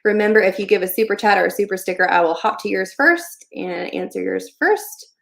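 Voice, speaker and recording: A young woman hosts a casual livestream Q&A. She talks in a friendly, loose way at a medium pitch, and her sentences are full of "um" and "like". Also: brisk, vocal fry. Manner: chatty, friendly, many fillers like "um" and "like". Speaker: livestream host giving online shop advice.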